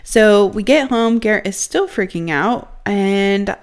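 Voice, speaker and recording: A woman's voice: mid-range voice, lively intonation, takes it slowly. A young woman vlogger telling a casual story in a chatty way, filling her talk with "like". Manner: chatty, heavy use of "like" as filler.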